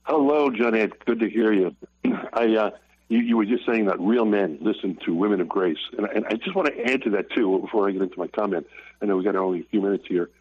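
An older man calling into a radio show, sharing a personal testimony in an earnest, halting way with many restarts. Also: lowish voice, slightly rough, no room sound. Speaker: caller. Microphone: telephone. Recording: tinny phone line.

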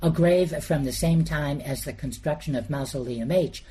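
A man reading a scripted documentary narration, measured and explanatory, steadily working through names and dates. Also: on the high side, mellow, a little hiss or hum.

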